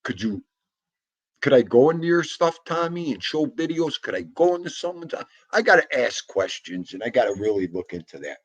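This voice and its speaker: A man's voice: medium pitch, big pitch swings, brisk, breathy edge. A man hosting a casual live stream from home, rambling to viewers in the comments and to his dog. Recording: dull lo-fi home stream audio.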